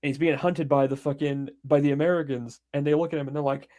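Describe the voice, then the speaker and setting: A podcast co-host with a high-ish voice and quick pace retells a film one scene after another. He's animated, swears freely and performs short bits of the action.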